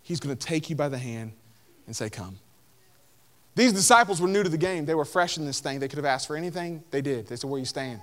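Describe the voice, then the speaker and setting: High-voiced man preaching a casual sermon. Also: expressive, fast talker, a bit bright. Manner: conversational, lots of "like", acts out voices of Bible figures. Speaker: pastor.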